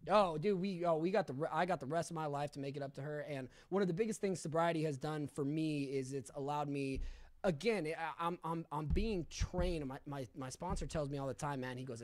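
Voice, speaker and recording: Man, 30s, quick raised-pitch voice, blunt storytelling in a casual podcast chat. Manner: candid, profane storytelling, acts out quotes loudly. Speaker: podcast co-host sharing his sobriety story.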